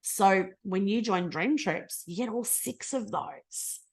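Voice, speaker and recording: A middle-aged woman with an Australian accent, leading a motivational team call in a bubbly, effusive, casual way, swinging between fast and slow. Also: medium pitch, lively intonation. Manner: speeds up and slows down a lot. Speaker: team leader presenting a business call.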